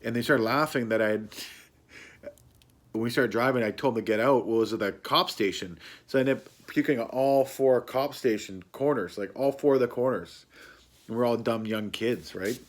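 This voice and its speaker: A man's voice: medium pitch, moderate pace. A man casually telling a rambling personal anecdote, laughing often and swearing freely. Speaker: storyteller.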